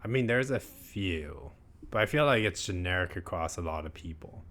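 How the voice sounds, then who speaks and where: A man's voice: low-pitched, animated, moderate pace, a bit bright. A man in his thirties co-hosting a podcast in casual chat, rambling and filling his talk with "like". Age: 30s. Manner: rambling, heavy use of filler "like". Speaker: podcast co-host.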